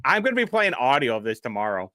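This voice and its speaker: A man's voice: medium pitch, very animated, fast, pushed and bright, no echo, studio quality. A young man hosting a casual live stream, rambling and mocking with frequent laughs. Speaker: streamer host.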